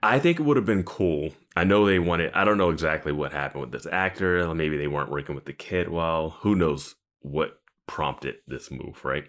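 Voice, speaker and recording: A man's voice: very deep voice, moderate pace, hardly any pauses, fairly bright tone. A man co-hosting a podcast, chatting casually and rambling through his points with frequent restarts. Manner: rambling, trails off and restarts, laughs between points. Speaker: podcast co-host. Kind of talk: casual chat.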